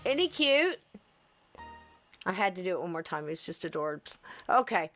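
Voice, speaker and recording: A woman's voice: fairly low pitch, a little fast, music in the background. A woman hosting a podcast, talking casually and rambling with lots of laughter. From US East Coast. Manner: chatty, rambling, laughs often. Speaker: podcast host.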